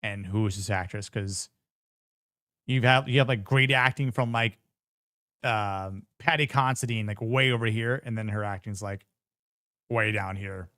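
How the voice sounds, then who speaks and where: A man's voice: medium pitch, measured pace, pauses often, sharp tone, no room sound, studio quality. A man giving casual reaction commentary on a TV episode, blunt, profane and joking. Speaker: show reviewer.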